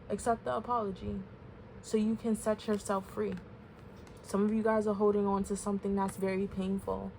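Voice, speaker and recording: A woman tarot reader speaks in a casual, confiding way, full of fillers and asides. Her mid-pitched voice has a gravelly fry to it. A faint noise sits under the recording. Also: a little mellow. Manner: candid, emotional, chatty with fillers. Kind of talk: casual spoken tarot reading.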